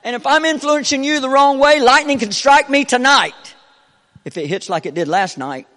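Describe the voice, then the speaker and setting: Man, pastor, Pentecostal sermon, very high voice, frequent call-outs to the crowd, long reverb in a church. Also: moderate pace. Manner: repeats short call-outs to the congregation between phrases; swings between soft talk and fervent preaching. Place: church sanctuary.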